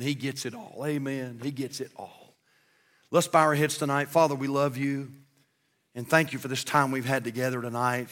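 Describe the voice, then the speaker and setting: A man with a Southern American accent, preaching a sermon as pastor, telling jokes with a rising voice and praying in a low tone. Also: a bit bright, long reverb tail. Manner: storytelling preacher, voice rising for punchlines and dropping low in prayer. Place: church sanctuary.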